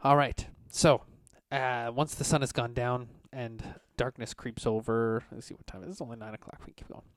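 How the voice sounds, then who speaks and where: A man's voice: medium pitch, dry recording. Dry-sounding male game master. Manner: relaxed, halting narration with many fillers. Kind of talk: narrating a tabletop game.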